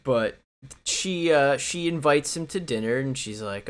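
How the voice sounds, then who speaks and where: A man's voice: medium pitch, animated, a little slow. A man co-hosting a casual movie podcast, blunt and profane, retelling scenes with laughs. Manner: blunt, swears, laughs between lines. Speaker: podcast co-host.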